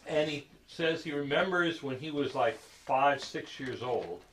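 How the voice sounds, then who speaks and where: A man telling a story to a group in a halting, conversational way, full of fillers, acting out the quoted lines. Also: a little high, animated, fairly bright tone, slight background noise, rough recording. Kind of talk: casual spoken storytelling.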